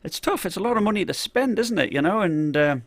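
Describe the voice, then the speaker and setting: A man's voice: sits high, expressive, quick pace, no echo. A man chatting on a live stream about tech, rambling with lots of fillers and restarts, and greeting viewers from the chat.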